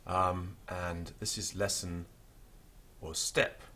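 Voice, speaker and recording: Slow, patient male language teacher. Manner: slow, patient, spells out words letter by letter; lively pitch, stresses example words. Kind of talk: spoken language lesson.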